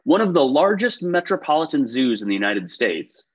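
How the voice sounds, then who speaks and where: A man's voice: medium pitch, very animated, moderate pace, breathy edge, highs cut off. A man hosting a trivia quiz over a video call, reading questions and tossing in chatty, upbeat asides between them. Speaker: quiz show host.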